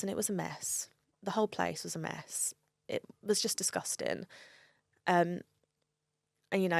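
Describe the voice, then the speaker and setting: A woman's voice: on the low side, vocal fry, no room sound, studio quality. A woman telling a personal story in an interview, candid and emotional and swearing freely. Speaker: guest.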